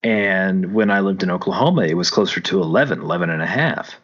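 A man's voice: sits low, fast talker, a bit bright. A man co-hosting a casual podcast, telling long rambling stories and correcting himself as he goes. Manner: rambling, self-correcting storyteller. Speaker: podcast co-host. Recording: dull lo-fi sound.

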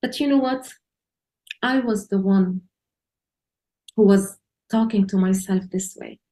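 A woman's voice: mid-range voice, measured pace, mellow, reverberant. Earnest woman. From Lebanon. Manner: earnest, emotional storytelling with restarts and rising emphasis. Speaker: church leader. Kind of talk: personal testimony talk.

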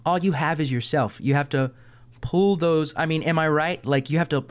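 A man hosting a casual chat, talking in an animated way and working through examples. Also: on the high side, normal speed, clear, resonant tone.

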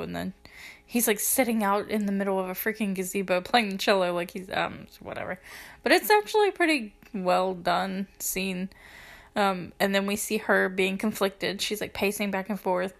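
A woman's voice: mid-range voice, vocal fry, fairly bright tone. A young woman casually recapping a movie scene by scene, chatty and gushing, filling her talk with "like" and laughing between lines, close to tears. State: teary, close to crying. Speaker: movie reviewer.

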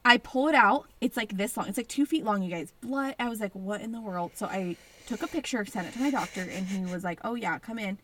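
A woman in her thirties co-hosting a casual chat, with a mid-range voice. She tells stories in an animated, chatty way, full of "like.". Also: medium pitch, a little fast, hardly any pauses. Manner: chatty, animated storyteller, lots of "like". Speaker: podcast co-host.

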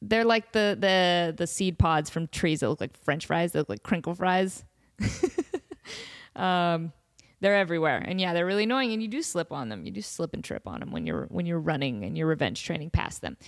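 A woman hosting a podcast, telling a funny story in a casual, animated way and laughing often. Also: lowish voice, normal speed, gravelly. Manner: giggly, animated, laughs often mid-sentence. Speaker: podcast host.

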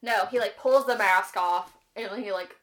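A young woman co-hosting a podcast, chatting casually and animatedly about a book, swearing freely and mimicking the characters in quick asides. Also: mid-range voice, fairly bright tone. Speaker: podcast co-host.

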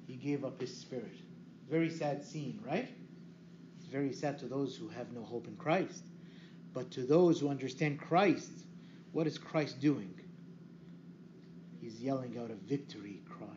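A man preaching a teaching sermon, lively and asking his listeners questions he then answers himself. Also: on the high side. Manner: lively, asks the audience questions and answers them. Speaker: priest. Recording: echoey room, dull lo-fi sound, faint hiss.

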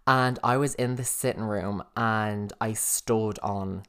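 A man's voice: on the low side, fairly even intonation, slow, fairly bright tone, smooth. A young man with an Irish accent, co-hosting a podcast in casual chat, telling stories and swearing freely. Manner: chatty storyteller, swears freely. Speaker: podcast co-host.

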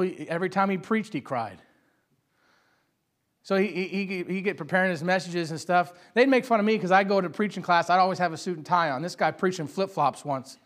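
High-pitched animated male preacher. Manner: animated, rising to loud emphatic peaks, with frequent laughs; casual conversational storytelling. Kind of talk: sermon.

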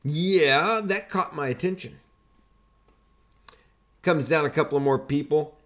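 An older man hosting a podcast, casually telling army stories in an animated, conversational way and building up to punchlines. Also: fairly high pitch, a little slow. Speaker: podcast host and army veteran. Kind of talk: casual storytelling.

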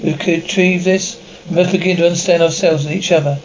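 Serious measured guy narrating, old tv sound, muffled and far, bit of hiss. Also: fairly high pitch, fairly even intonation. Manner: grave, measured, portentous. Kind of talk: scripted dramatic narration. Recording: dull distant old TV soundtrack, faint hiss.

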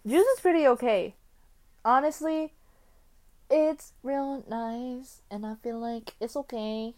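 A woman from the United States chatting alone on her podcast, her fairly high voice rambling from one thing to the next. She takes her time and packs her talk with fillers. She swings from loud exclamations to quiet mumbles. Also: slow pace. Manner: rambling and excitable, jumping between topics with many fillers. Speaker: podcast host. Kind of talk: casual solo podcast chat.

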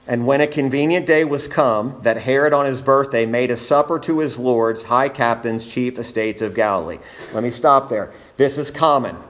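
A man preaching an expository sermon, reading scripture and speaking earnestly and emphatically to his congregation. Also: medium pitch.

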